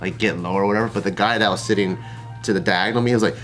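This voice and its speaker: Relaxed man telling a casual anecdote. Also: lowish voice, rapid-fire, faint music behind. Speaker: panel commentator. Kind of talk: casual chat.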